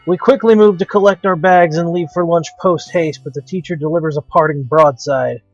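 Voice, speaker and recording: Man, let's play host, reads a visual novel aloud, dramatic wry narration, slightly high voice, dry dull sound. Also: a little fast, dry recording, soft background music.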